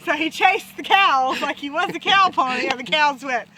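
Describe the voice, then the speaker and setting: A woman's voice: high-pitched, a little fast, few pauses, crowd noise, rough recording. A woman chatting on her farm vlog, laughing often and playfully voicing her animals. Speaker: homesteader filming her farm. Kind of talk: casual farm vlog chat. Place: outdoors on a farm pasture.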